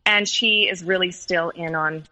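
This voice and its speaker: A woman's voice: lowish voice, fairly even intonation, measured pace, bright, forceful tone, poor audio. A woman recounting a painful personal story in an interview, hesitant and full of fillers and restarts. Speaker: guest telling her story.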